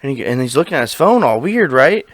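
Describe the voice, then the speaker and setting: A man co-hosting a podcast, telling a story in casual chat, animated and profane, acting out the lines of the people in it. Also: mid-range voice, fast, dry recording. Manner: animated, profane, acts out quoted dialogue. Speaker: podcast co-host.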